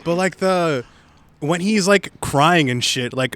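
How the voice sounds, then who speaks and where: A man's voice: fairly high pitch, moderate pace. A young man co-hosting a podcast, rambling and laughing as he talks about a movie. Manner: rambling, animated, laughs a lot. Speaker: podcast co-host. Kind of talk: casual movie review chat.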